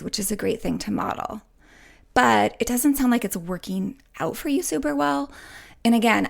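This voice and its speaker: A woman podcast host and relationship coach answering listener questions, speaking softly and reassuringly, often dropping to a whisper and checking in with "right?". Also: on the high side, gravelly. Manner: soft, gentle, often drops to a whisper.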